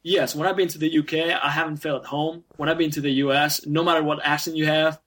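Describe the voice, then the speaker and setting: A man's voice: on the high side, little pitch movement, quick pace, a bit bright. A Spanish-speaking man with American-trained English, chatting as an interview guest, talking in loose restarts and fillers. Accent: American-trained English over a Spanish background. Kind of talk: casual interview.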